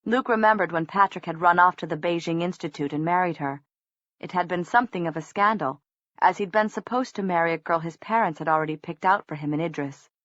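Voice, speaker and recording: Woman narrating an audiobook, low-pitched. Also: fairly quick, fairly bright tone, dry recording, highs cut off. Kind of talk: scripted narration.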